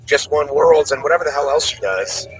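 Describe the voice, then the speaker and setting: A man chats as a guest commentator on a live event stream. His voice sits a little high. He talks in a loose, brash way, swearing freely and poking fun at himself. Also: expressive, fairly quick, poor audio. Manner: brash, profane, self-mocking. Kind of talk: casual joking live-stream chat.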